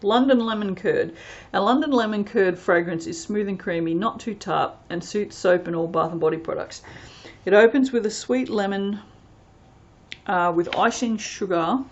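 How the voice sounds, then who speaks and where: A woman's voice: medium pitch, normal speed, highs cut off. A woman chatting casually as she reviews soap fragrances, rambling and reading product blurbs aloud. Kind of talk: casual unboxing chat.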